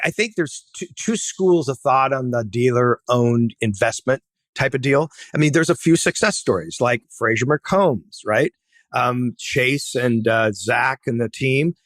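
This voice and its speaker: A middle-aged man speaks as a podcast guest, pressing his points with blunt, emphatic advice and tagging his sentences with "right?". His voice sits at an ordinary pitch. The sound is close and dry, with no room around it. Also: a bit bright, dry recording. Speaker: podcast guest, tech entrepreneur. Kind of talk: casual interview talk.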